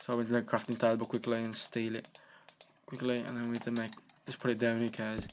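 A man's voice: medium pitch, monotone, fairly quick, slight background noise. A man giving casual, rambling gameplay commentary as a let's play gamer, playful and often talking to himself.

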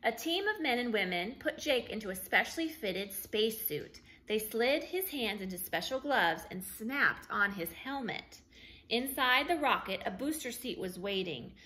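A woman teacher reading a picture book aloud to young children, with clear and expressive storytelling. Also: on the high side, unhurried, rough recording. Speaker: early learning teacher.

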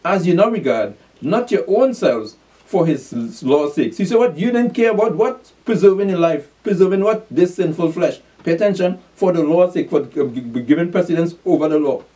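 Insistent preacher, far from the mic. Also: male voice, on the high side, lively intonation, moderate pace, dark tone. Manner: reads scripture aloud, then drills listeners with call-and-response questions; repeats "pay attention" insistently, with brief chuckles. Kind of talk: scripture reading and sermon.

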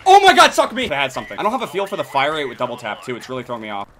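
A young man with a scratchy, hoarse throat giving loud, excitable gameplay commentary, swearing and bursting into shouts. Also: medium pitch, rapid-fire. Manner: excitable, swears a lot, sudden shouting outbursts. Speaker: gaming video creator.

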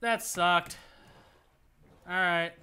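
A man's voice: sits high, fairly even intonation, extremely slow, sharp tone, smooth. A man streaming a video game, rambling and joking through his play and swearing when things go wrong. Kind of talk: casual gameplay commentary.

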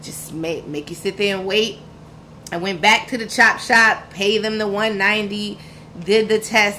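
Frank New woman, bright voice. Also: medium pitch, steady tone, measured pace, a little hiss or hum, low-quality recording. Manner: frank and emphatic, slangy, vivid retelling with quoted dialogue. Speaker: podcast guest. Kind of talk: candid personal storytelling.

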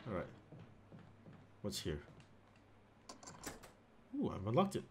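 A man from the United Kingdom streaming a horror game, joking and chatting casually with bursts of loud surprise. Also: lowish voice, wildly swooping pitch, slow pace, a little hiss or hum. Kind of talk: casual chat over gameplay.

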